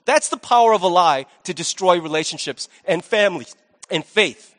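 A male pastor preaching a sermon in a lively, conversational way with jokey asides, in a large church hall. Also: high-pitched, moderate pace. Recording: long hall reverb.

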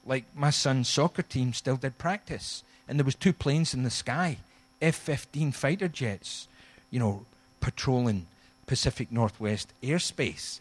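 A middle-aged man delivers a storytelling sermon. He tells a funny anecdote with playful exaggeration and acts out the voices in his story. His voice sits at an ordinary middle pitch. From Scotland. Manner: humorous, animated storytelling with acted-out quotes. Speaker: guest pastor.

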